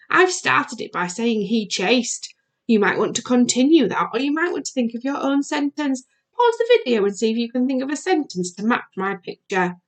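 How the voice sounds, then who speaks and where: A primary school teacher recording a video lesson for young children, asking questions in a sing-song way. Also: female voice, on the high side.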